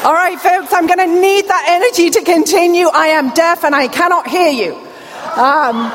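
A high-pitched British woman with a deaf accent gives a lively keynote to a crowd. Her voice carries a long hall reverb, with faint room noise underneath. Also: normal speed. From England. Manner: lively, crowd-rousing, warm asides to the audience. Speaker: keynote speaker. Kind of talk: conference keynote. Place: large hall.

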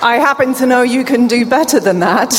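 A woman's voice: sits high, fairly quick, heavy background noise. A middle-aged British woman with a deaf accent gives an upbeat, playful conference keynote and jokes with the crowd. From England. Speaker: keynote speaker. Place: large hall. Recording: long hall reverb.

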